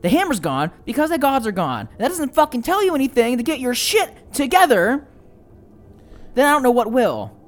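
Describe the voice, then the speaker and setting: A player voicing a fierce, blunt woman warrior who shouts and curses in a scolding tirade. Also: sits high, big pitch swings, normal speed, voice pushed up.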